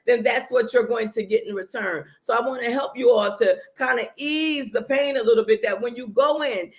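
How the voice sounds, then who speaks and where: Woman, middle-aged, podcast co-host, earnest coaching tone, preachy casual talk. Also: on the high side. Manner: earnest, coaching, keeps asking "right?". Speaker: podcast co-host giving marriage advice.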